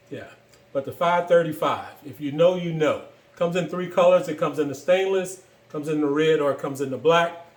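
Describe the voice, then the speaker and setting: A man casually walking through his own gun builds, relaxed and rambling, with many fillers and pauses. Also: a little high, echoey room. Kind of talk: casual product walkthrough.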